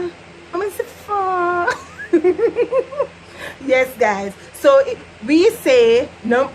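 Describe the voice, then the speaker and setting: Jamaican woman, high voice, slow unhurried talk, playful, faint background hum. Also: fairly bright tone, rough recording. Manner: playful, laughs often, mixes patois and English. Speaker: vlogger. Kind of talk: casual teaching vlog.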